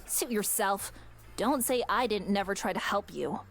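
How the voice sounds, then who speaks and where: A woman's voice: mid-range voice, normal speed, soft background music, close to an everyday voice. A woman voicing a sour, prickly butch woman who talks in curt, snappish lines.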